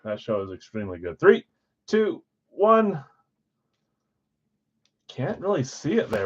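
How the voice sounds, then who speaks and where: A man's voice: fairly high pitch, wildly swooping pitch, a little slow, pauses often, slightly rough. A man hosting a live card break stream, chatting casually with viewers and poking fun at his own mistakes. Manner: self-deprecating, chatty, talks to chat viewers. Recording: slightly dull lo-fi stream audio.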